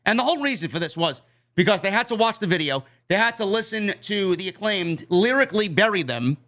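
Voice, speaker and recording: A man's voice: high voice, pushed and bright. A man with a New York accent giving a loose, chatty recap of a wrestling show, with fillers and casual swearing.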